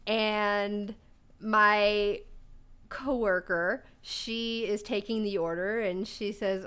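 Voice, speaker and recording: Slow-talking young woman, swearing, laughing. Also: mid-range voice, fairly even intonation, clean tone. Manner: swears freely, laughs loudly between lines. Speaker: podcast co-host. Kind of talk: casual storytelling chat.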